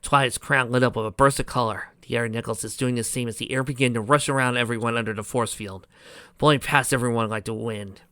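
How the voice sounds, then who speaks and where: A man's voice: medium pitch, steady tone, fairly quick, bright, forceful tone, no room sound. Sarcastic man reading fan fiction aloud. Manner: sarcastic, ranting asides. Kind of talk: reading a story with commentary.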